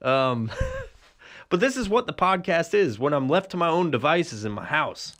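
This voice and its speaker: Man, podcast host, rambling profane storytelling, frequent laughter, voice a bit on the high side. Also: sing-song, unhurried, fairly bright tone. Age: adult with a son. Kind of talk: solo comedic storytelling.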